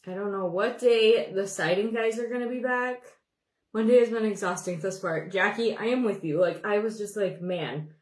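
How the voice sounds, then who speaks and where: A woman's voice: mid-range voice, normal speed, roomy sound. A young woman from Montana chatting casually on a makeup livestream, rambling and greeting viewers by name. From Montana, USA. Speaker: beauty livestream host. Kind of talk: casual livestream chat while doing makeup.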